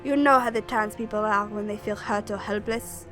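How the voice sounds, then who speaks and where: A woman doing a calm male town captain. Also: mid-range voice, faint music behind, lightly acted. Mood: formal. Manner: measured, formal, soothing.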